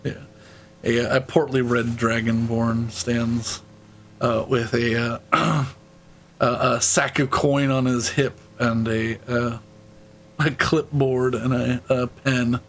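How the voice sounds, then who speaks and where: A man running a tabletop game as game master, talking slowly in a gravelly voice. He narrates haltingly, with fillers, throat-clearing and frequent laughs. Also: mid-range voice, fairly even intonation, a bit bright, a little hiss or hum, low-quality recording.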